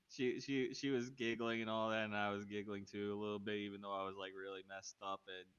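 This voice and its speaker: A man's voice: lowish voice, little pitch movement, normal speed, a bit bright, smooth, highs cut off. A man telling a rambling in-character story during a roleplay game stream, chuckling between sentences. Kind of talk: casual in-character chat.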